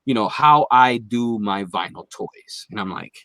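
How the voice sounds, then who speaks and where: A man's voice: medium pitch, animated, a little slow, a bit bright, clean tone, no room sound. A man guest on a podcast, telling a long, profanity-heavy story in casual chat. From Philadelphia area.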